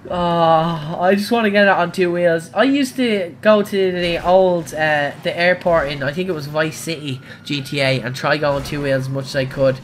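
A man, streaming a racing game live and talking to chat, excitable and crying out at crashes. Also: high-pitched, a little hiss or hum. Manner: excitable, cries out at crashes and wins. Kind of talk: live gameplay commentary.

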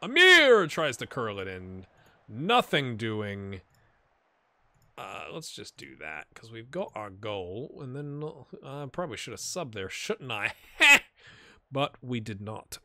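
A man giving casual, animated commentary while playing a football management game, cheering on and talking to his players. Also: medium pitch, slow, dry recording. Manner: animated, talks to his players, puts on silly voices.

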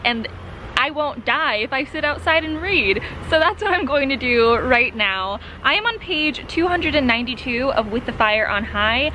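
A woman vlogging about books in a chatty, excitable way, filming at home. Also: high voice, a little hiss or hum. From Florida, USA. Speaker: book vlogger. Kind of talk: casual vlog chat. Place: home, partly outdoors.

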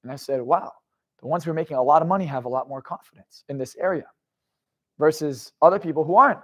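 A young adult man telling stories as a confidence coach, moving from low, confiding narration into loud, emphatic bursts and swearing freely. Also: quick pace. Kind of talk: motivational storytelling monologue.

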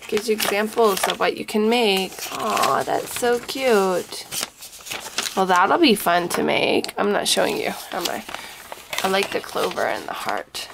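A woman's voice: medium pitch, creaky, noisy background. A woman chatting casually as she unboxes gifts on camera, gushing over each small item and sprinkling in Japanese phrases. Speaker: scrapbooking vlogger.

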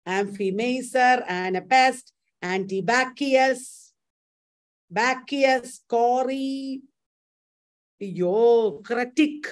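A woman with an Indian accent teaching a live-streamed exam coaching lecture, quizzing her students and drilling terms aloud, with Hindi words mixed in. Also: a little high. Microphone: live stream mic.

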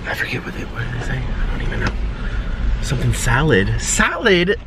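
A man's voice: medium pitch, very animated, normal speed. A man talking casually to the camera while driving and eating in his car, chatty and self-mocking. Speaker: vlogger. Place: inside a car at a drive-thru. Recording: car and road noise behind.

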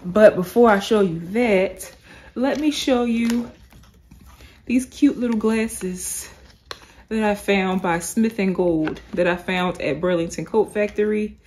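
A woman vlogging casually to camera, telling stories in an animated way and calling her viewers "y'all"; she says she is sleepy. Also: mid-range voice, slow pace, a little hiss or hum. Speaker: lifestyle vlogger. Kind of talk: casual vlog chat to camera.

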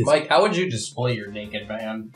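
A man's voice: fairly low pitch, lively intonation, normal speed, soft background music. Wisecracking gamer guy, roomy sound. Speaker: let's play co-host. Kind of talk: casual gaming banter.

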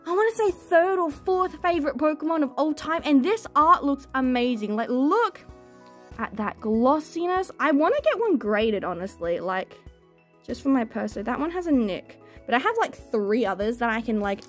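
A young woman chatting casually as she opens card packs on camera, excitable and gushing, squealing over good pulls. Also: sits high, normal speed, faint music behind. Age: young adult. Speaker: card-opening vlogger. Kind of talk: casual chat while opening card packs.

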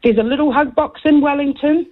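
A woman calling in to a talk radio show, talking in an emphatic, agitated and excitable way. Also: sits high, fairly quick. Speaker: caller. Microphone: phone. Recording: tinny phone line.

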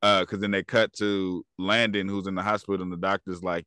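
A man co-hosts a movie review podcast, walking through the plot scene by scene and voicing the characters as he goes. His voice sits on the lower side and comes across clear and smooth. The recording is dry and close. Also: moderate pace, hardly any pauses, no echo. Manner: animated retelling, acts out characters' lines. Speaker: podcast co-host. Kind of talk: casual movie review chat.

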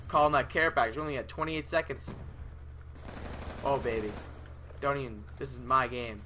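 A young man giving profane, ranting commentary over his own gameplay, yelling at the game. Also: a little high, expressive, normal speed, pauses often. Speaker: gaming video creator.

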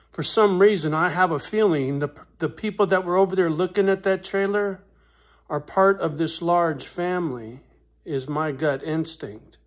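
A man venting to camera in a personal vlog, blunt and swearing, his voice swelling loud when he is angry and then dropping soft. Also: on the high side. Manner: slow, deliberate delivery with pauses. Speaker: vlogger on his rural property.

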